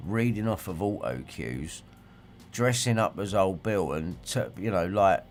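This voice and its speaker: A man's voice: low voice, lively intonation, a little slow, soft background music. A man, ranting and swearing in a rambling livestream monologue and reacting to viewer comments. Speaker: livestream host.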